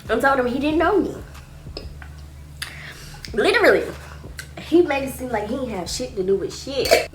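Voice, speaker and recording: A woman in her twenties telling a storytime vlog in a blunt, profane, animated way. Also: sits high, normal speed, long pauses, a little hiss or hum. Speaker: vlogger. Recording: echoey room.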